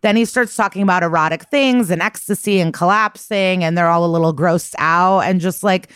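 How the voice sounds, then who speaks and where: A woman's voice: fairly low pitch, a little fast, fairly bright tone, clear, resonant tone, no echo, clean studio sound. A woman co-hosting a podcast, recapping a TV episode in a casual, profane, chatty way. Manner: profane, chatty retelling full of "like". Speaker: podcast co-host.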